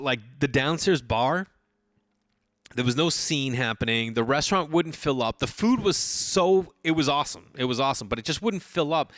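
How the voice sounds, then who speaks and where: Podcast host, man, thirties, middle pitch, rambling storyteller who swears freely, dry close sound. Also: no room sound. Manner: rambling, animated storytelling with swearing and many restarts. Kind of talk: casual solo storytelling.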